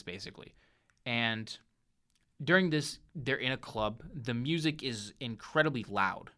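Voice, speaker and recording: A young man hosting a casual movie review show, talking in an animated way with frequent restarts and self-corrections. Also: medium pitch.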